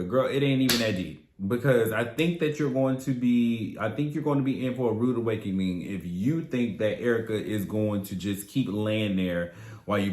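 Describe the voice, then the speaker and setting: A man's voice: mid-range voice, roomy sound. Sassy man recapping reality TV. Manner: sassy, blunt and profane, with slangy asides. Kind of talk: casual video recap commentary.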